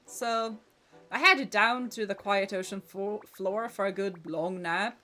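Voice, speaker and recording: A woman's voice: medium pitch, takes it slowly, bright, forceful tone, faint music behind. Woman doing a drawling, folksy ocean god. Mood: easygoing. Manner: drawling folksy put-on accent. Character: ancient sleepy ocean god creature, folksy and easygoing.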